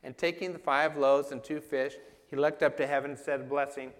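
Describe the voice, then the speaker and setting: A man's voice: on the high side, steady tone, fairly quick. A man preaching a sermon in an emphatic, conversational way, asking his listeners questions. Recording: long reverb of a hall.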